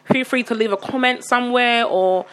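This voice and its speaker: A tired young woman co-hosting a podcast, talking slowly and rambling with lots of fillers. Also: on the high side, fairly bright tone, slight background noise. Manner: slow, sleepy, rambling with many fillers. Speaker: podcast co-host. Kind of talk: casual chat.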